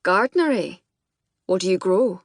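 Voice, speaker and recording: A gruff older Scottish boss grumbles and barks short questions at new recruits. His tone is disapproving and grudging, with a slightly husky edge. The sound is close and dry. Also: mid-range voice, lively intonation, normal speed, no echo. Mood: brusque questioning. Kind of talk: audiobook character voice.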